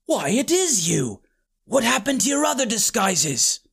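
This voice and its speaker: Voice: medium pitch, big pitch swings, a little slow, creaky, a bit bright, breathy edge, full character voice. A narrator voicing a small, cocky, salty boy hero in an audiobook, sulky and impatient.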